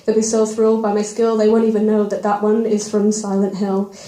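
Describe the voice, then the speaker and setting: A young woman at an open mic performing a spoken word poem, with a self-deprecating, quick rhyming delivery and nervous asides. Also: medium pitch, monotone, warm tone, slight background noise. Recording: roomy live venue recording.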